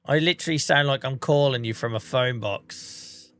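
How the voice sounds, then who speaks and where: A man in his forties with a Norfolk accent from England chats casually while live-streaming a farming game, coughing because he's under the weather. His medium-pitched voice moves at a moderate pace with a fairly bright tone, and he swears a lot and jokes at his own expense.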